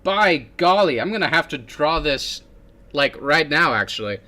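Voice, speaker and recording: A man's voice: on the high side, expressive, moderate pace, bright, forceful tone. A young man hosting a casual livestream while drawing, talking in a goofy way and slipping into a silly put-on accent. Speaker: livestream host.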